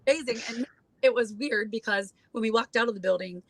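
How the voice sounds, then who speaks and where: Here a woman in her forties, guesting on a casual chat, narrates a story with lots of fillers and acted-out voices of others. Her voice is a little high and her pace a little fast.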